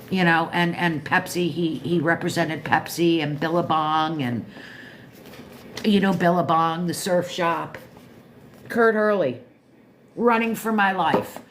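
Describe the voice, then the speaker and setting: Her voice is fairly low and a bit bright, with a little hiss or hum behind it. The speaker, a woman in her fifties, chats casually on a book-review livestream, wandering off on asides and correcting herself as she goes.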